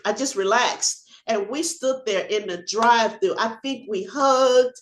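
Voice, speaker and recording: An older woman, a former police officer, telling a personal story on a video call, animated and acting out the shouting and laughter. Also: on the high side, measured pace, roomy sound.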